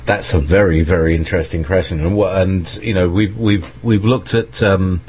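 A man's voice: sits low, fairly even intonation, normal speed, a little mellow, breathy edge. A man interviewing a guest in a casual conversation, speaking hesitantly with many fillers and repeated words.

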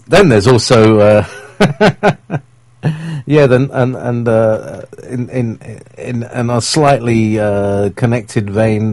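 On a dry recording, a male host with a lowish, slightly mellow voice chats casually on a call-in live stream. His talk is rambling and hesitant, with lots of fillers and chuckles.

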